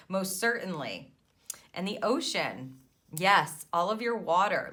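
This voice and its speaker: A woman talks through a monthly spiritual card reading in a soothing, affirming way, often checking in with "right?". Her voice sits a little low but sounds bright and clear. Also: very animated, slow. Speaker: tarot reader and intuitive mentor.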